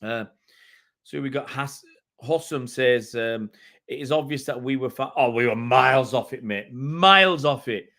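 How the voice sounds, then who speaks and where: A man's voice: medium pitch, unhurried, sharp tone. A middle-aged man from England hosting a fan channel live stream, ranting in exasperation and repeating himself. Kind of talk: live-stream match reaction.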